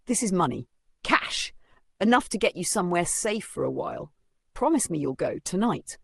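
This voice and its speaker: A man's voice: high-pitched, sing-song, moderate pace, creaky, fairly bright tone, husky, no echo, voice pushed up, exaggerated voice. A man voicing an older woman, a loyal family maid, pleading urgently in a narrated story. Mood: urgent, fearful.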